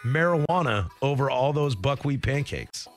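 A man's voice: medium pitch, moderate pace. Enthusiastic man telling radio stories. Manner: animated, enthusiastic storyteller. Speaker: radio co-host. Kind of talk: casual sports radio storytelling. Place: radio studio.

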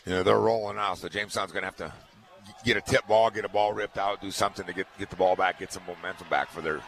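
A man's voice: low-pitched, steady tone, fast, fairly bright tone. A man giving color commentary on a radio football broadcast, conversational and often repeating words as he thinks aloud. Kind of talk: radio sports analysis.

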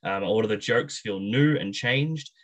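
A man's voice: fairly low pitch, moderate pace, rough recording. A man co-hosting a gaming show, chatting casually about a film with many fillers. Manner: relaxed, rambling with fillers. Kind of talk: casual review chat.

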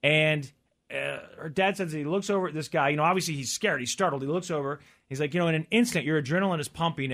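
A man co-hosting a casual podcast chat, telling a story and quoting the people in it. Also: fairly high pitch. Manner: storytelling, quotes others in lively voices. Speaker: podcast co-host.

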